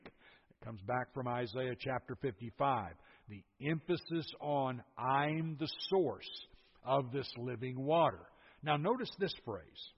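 An older man preaching a sermon, explaining scripture verse by verse with emphatic asides. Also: medium pitch. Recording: husky voice, dull lo-fi sound, long hall reverb.

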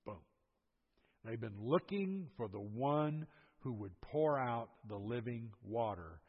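A man's voice: mid-range voice, expressive, takes it slowly. An older man preaching a sermon, explaining scripture verse by verse with emphatic asides. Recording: husky voice, dull lo-fi sound, long hall reverb.

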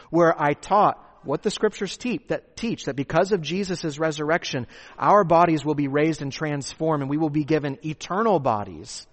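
A man preaching a sermon, asking rhetorical questions and repeating his key points for emphasis. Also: fairly high pitch. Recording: long hall reverb.

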